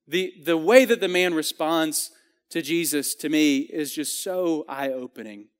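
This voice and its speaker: Man, sermon, earnest and conversational, slightly high voice, long church reverb. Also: measured pace. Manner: earnest, conversational, many restarts and fillers. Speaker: preacher. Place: church sanctuary.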